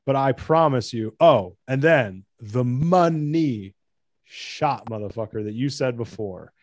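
Profane, rambling American man for podcast chat; dry booth sound, mid pitch. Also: animated, slow, dry recording. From United States.

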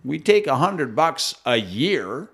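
Man, podcast co-host, animated, wide pitch swings, interjects often, casual debate. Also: gravelly, slightly rough. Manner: animated, quick to interject with agreement.

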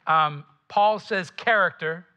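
A man from the American South with a Southern accent, preaching a lively, conversational sermon with asides to the congregation. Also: high voice, slow. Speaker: pastor.

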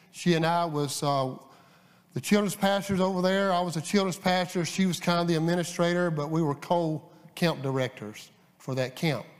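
A man preaching a sermon in a folksy, storytelling way, with frequent fillers and restarts. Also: fairly high pitch. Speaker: guest preacher. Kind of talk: sermon with scripture reading. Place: church sanctuary. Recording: long church reverb.

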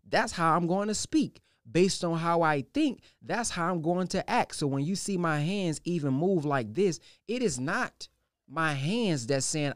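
Animated male preacher, dry sound. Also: no echo. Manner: emphatic, rhetorical questions, pitch swinging widely. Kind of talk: sermon.

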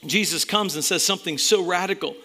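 A male pastor delivers a fired-up sermon in a high-pitched, bright voice. He swings between loud, emphatic bursts and hushed, intense passages as he addresses his church. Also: a little fast.

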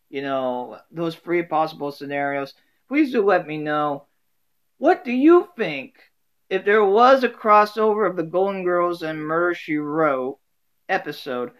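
A man muses aloud in a casual solo talk, rambling and full of fillers and restarts. His voice sits a touch high for a man. He records from home. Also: highs cut off.

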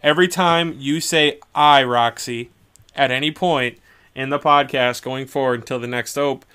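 A man's voice: mid-range voice, steady tone, normal speed, bright, forceful tone, clean tone. A man co-hosting a podcast in casual group chat, joking crudely and swearing freely. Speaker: podcast co-host.

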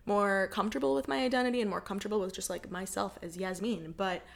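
A woman's voice: mid-range voice, fairly even intonation, fast, vocal fry. A young American woman in casual podcast conversation, thoughtful and chatty, with frequent "like" fillers and easy laughter. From United States.

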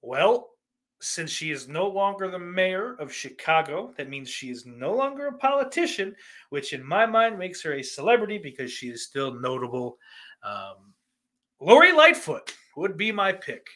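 A man's voice: high voice, sing-song, normal speed, bright, forceful tone. A man hosting a podcast, reading out listener questions in a rambling, profane and sardonic way. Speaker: podcast host.

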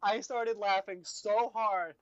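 In casual chat, a speaker with a mid-range voice tells a rambling, profane story full of "like." The pace is slow and the intonation fairly even, captured on a dull, dry lo-fi mic with no echo.

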